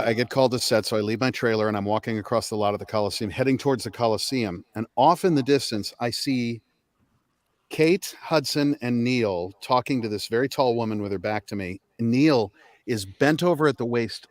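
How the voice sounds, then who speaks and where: A middle-aged man, a guest on a chat stream, telling animated anecdotes with casual swearing. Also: mid-range voice, normal speed.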